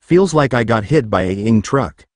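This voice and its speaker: A man's voice: mid-range voice, lively intonation, normal speed, dry recording, clean studio sound, close to an everyday voice. A man voicing a sluggish, dazed teenage boy in a read-aloud fan story.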